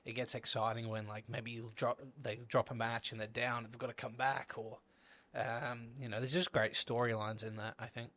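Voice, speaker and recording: This is a man co-hosting a relaxed podcast, with a mid-range voice. He chimes in with easygoing, agreeable comments. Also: mid-range voice, normal speed. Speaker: podcast co-host. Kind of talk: casual podcast chat.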